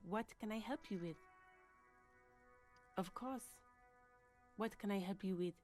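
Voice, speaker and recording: A woman's voice: medium pitch, a little slow, darkish tone, soft background music, lightly acted. A woman voicing a polite, obliging front-desk clerk. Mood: courteous. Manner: polite and accommodating. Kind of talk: video game voice acting.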